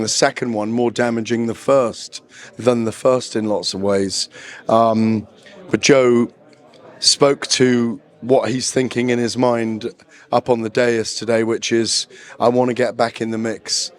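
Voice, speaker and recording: A man's voice: medium pitch, fairly even intonation, measured pace. A man as a boxing journalist guest, talking in a knowledgeable, discursive and self-deprecating way in a casual interview at a press conference.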